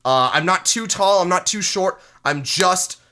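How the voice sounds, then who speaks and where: A man's voice: sits high, measured pace, pushed and bright. A man hosting an improv card game with friends, bragging in a hammy, joking way. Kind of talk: joking improv chat over a voice call.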